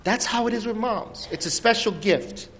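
A man preaching a sermon, telling stories with lively swings between soaring highs and hushed lows. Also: normal speed. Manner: animated storytelling with dramatic pitch swings and soft drops. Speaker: pastor. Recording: long hall reverb.

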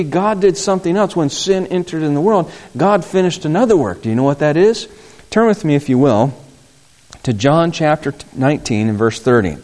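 A man's voice: medium pitch, a little mellow. A man pastor preaching a sermon, acting out Bible dialogue and asking the congregation call-and-response questions.

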